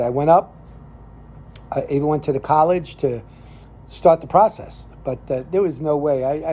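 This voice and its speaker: An older man with a Northern New Jersey accent talks in a loose, folksy ramble, full of fillers and restarts as he hosts a cigar chat. His voice is mellow and warm. A faint hum of room sound sits behind him. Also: mid-range voice. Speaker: cigar show host and lay minister. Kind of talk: casual storytelling monologue.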